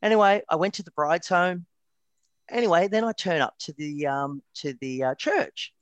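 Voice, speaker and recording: Australian male guest, lively anecdotal storyteller, dry recording. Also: high voice, normal speed, smooth, dry recording, highs cut off. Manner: animated, lively anecdotes with stammered repeats. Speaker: interview guest, retired wedding photographer. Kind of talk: casual storytelling.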